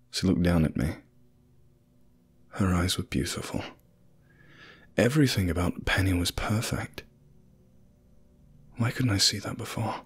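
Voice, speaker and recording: A man narrating a scripted first-person horror story in a measured, grim way. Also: sits low, slightly rough.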